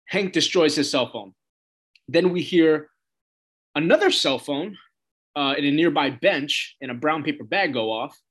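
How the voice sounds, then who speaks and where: A man's voice: medium pitch, a bit bright. A man giving a casual, loose recap of a TV episode, retelling scenes and quoting the characters with lots of "he's like" as he goes.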